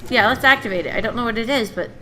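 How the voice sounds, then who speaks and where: A woman commenting as she plays a story game, chatty and thoughtful with quick asides. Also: a little high, pushed and bright, slight background noise. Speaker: let's play gamer.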